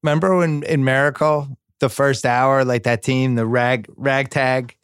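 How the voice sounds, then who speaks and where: Excitable man hosting a sports podcast. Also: clear, resonant tone, dry recording, clean studio sound. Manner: mock-sentimental, excitable, quick bursts of rising pitch. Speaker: podcast host. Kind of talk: casual sports chat.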